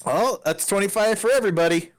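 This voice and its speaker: A man playing a tabletop game with friends, playful and quick to laugh. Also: high voice. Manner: giggly, playful, swings up into laughter. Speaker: player. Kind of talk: casual tabletop game chat.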